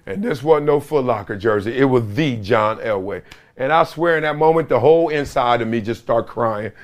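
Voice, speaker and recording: A middle-aged man, a former football player, hosting a casual sports talk show with loud outbursts and frequent laughter. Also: mid-range voice, normal speed. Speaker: podcast host, former NFL player.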